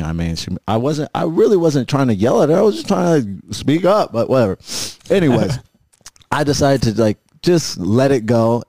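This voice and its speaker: A man's voice: mid-range voice, creaky, warm tone, no echo. A man hosting a podcast, telling a long story in a loose, profane, rambling way, full of restarts and asides. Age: adult with a school-age son. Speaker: podcast host. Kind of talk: casual podcast chat.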